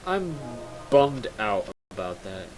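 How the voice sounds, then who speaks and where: A man's voice: fairly low pitch, sing-song, slow, faint music behind. A tired young man chatting casually and self-mockingly to viewers while streaming a game, rambling and joking at himself. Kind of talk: casual live-stream chat.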